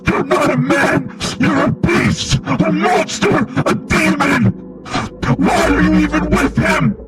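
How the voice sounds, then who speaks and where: Man doing shrill wailing vengeful souls. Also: fairly even intonation, slow. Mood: accusing. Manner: shrill accusing wails, shouting and crying. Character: chorus of vengeful dead souls, accusing.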